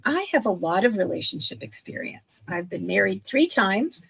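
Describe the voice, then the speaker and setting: Woman, 60s, gravelly and husky, chatty video-call guest who keeps restarting her sentences. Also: medium pitch, big pitch swings, moderate pace, a bit bright. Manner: chatty, self-correcting, enthusiastic. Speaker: guest, online business owner. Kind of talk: casual livestream chat.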